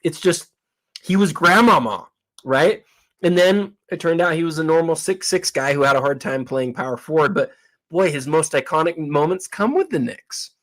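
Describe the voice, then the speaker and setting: A man's voice: fairly high pitch, normal speed. Chatty man giving collector commentary. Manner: chatty, hesitant, lots of fillers and restarts. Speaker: guest collector. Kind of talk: casual expert commentary.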